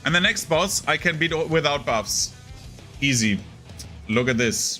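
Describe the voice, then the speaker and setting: A man's voice: fairly high pitch, lively intonation, measured pace, sharp tone, soft background music. A young man casually commenting on his gameplay, rambling and chatty with lots of fillers. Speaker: gaming streamer.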